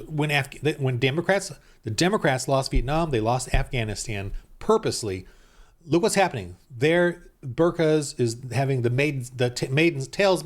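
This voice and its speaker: A man hosting his own channel, delivering an angry, indignant rant that keeps restarting sentences and swings between raised outbursts and low muttered asides. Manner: heated and indignant, with many repeated restarts. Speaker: YouTube channel host.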